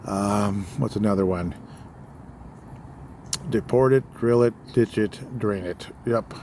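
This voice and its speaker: A man's voice: lowish voice, slow, mellow, slight background noise. A man hosting his own political podcast, talking loosely and rambling, with many fillers and small apologies. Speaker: podcast host. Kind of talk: casual political podcast monologue.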